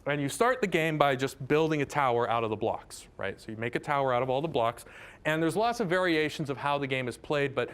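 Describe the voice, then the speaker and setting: A man's voice: mid-range voice, a little fast, fairly bright tone, smooth. A man giving a casual math lecture. He chats, drifts into tangents and keeps checking in with "right?".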